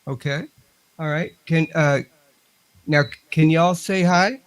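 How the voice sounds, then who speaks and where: A man's voice: a little high, steady tone, unhurried, clear, resonant tone, no room sound. A man, chatting on a radio show as a ghost hunter and talking to spirits. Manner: talks to spirits and equipment, chatty. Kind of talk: casual radio show chat.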